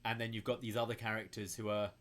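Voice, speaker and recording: A man's voice: fairly low pitch, flat delivery, fast talker, fairly bright tone. A man co-hosting a wrestling podcast, casually offering thoughtful opinions full of ums and hedges. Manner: thoughtful, hedging opinions with fillers.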